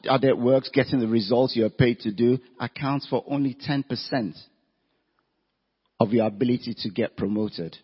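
A career talk speaker addresses an evening seminar audience, slides on screen, in an echoey hall recorded with dull lo-fi sound. His mid-range voice is a little rough, and he stresses his points while firing off rhetorical questions.

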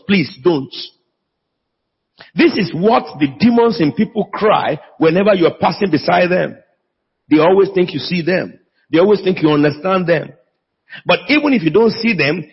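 Husky high-voiced pastor preaching hard, lots of back and forth with the crowd, echoey hall, kinda dull sound. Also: male voice. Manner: emphatic, call-and-response with the congregation. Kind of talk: sermon. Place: church.

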